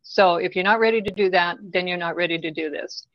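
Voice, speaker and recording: A woman's voice: on the low side, brisk, no room sound, muffled recording. A woman guest in an interview, explaining her work in a direct, practical way and often checking in with "right?". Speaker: guest business coach. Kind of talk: casual interview talk.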